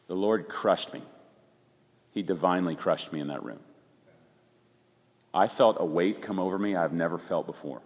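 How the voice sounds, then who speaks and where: A man in his forties, a pastor, telling a personal story in casual conversation, animated and emphatic, often restarting his sentences. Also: low-pitched, big-room sound.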